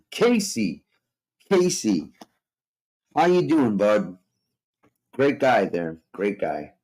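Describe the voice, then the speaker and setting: A hoarse man chatting casually and profanely to his live-stream viewers, rambling from topic to topic. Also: fairly low pitch, wildly swooping pitch, very slow, long pauses, a little mellow, poor audio. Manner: profane, rambling and laid-back. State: hoarse, strained voice. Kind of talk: casual livestream chat.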